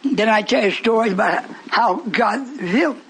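A man preaching a fiery sermon, speaking emphatically and breaking into shouts. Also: high-pitched, moderate pace, poor audio.

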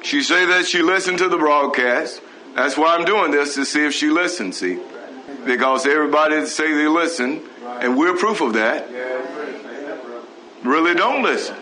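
A man's voice: on the high side, expressive, moderate pace, pushed and bright, poor audio. A man preaching a sermon, asking the congregation rhetorical questions. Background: congregation responding.

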